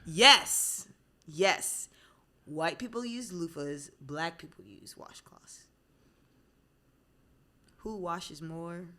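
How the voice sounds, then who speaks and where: A woman's voice: on the low side, drawn-out words, pauses often, pushed and bright. A woman from Florida on a podcast, chatting candidly and frankly with plenty of "like" fillers. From Florida, USA. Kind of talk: casual chat.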